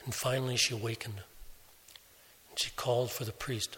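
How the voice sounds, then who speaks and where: A man preaching a sermon, telling a story slowly and deliberately, softening his voice for quoted speech. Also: medium pitch. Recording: long hall reverb.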